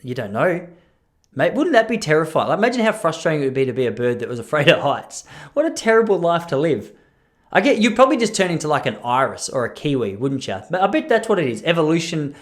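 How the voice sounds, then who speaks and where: A young man hosting a podcast, telling a long story alone in a rambling, jokey way and breaking off his own sentences. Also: on the high side. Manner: rambling, self-interrupting, jokey asides. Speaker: podcast host. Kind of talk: casual solo storytelling.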